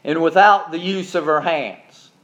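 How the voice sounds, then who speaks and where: A man's voice: fairly high pitch, measured pace, a bit bright. A man preaching a sermon in a folksy, emphatic way, with repeated asides to listeners. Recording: dull lo-fi recording.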